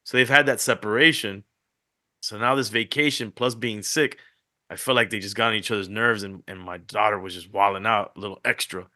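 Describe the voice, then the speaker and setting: A middle-aged man on a podcast, telling family stories in an animated way and acting out what his wife and kids said. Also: lowish voice, a little fast. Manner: animated storytelling, acts out family quotes. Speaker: podcast co-host. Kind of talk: casual chat.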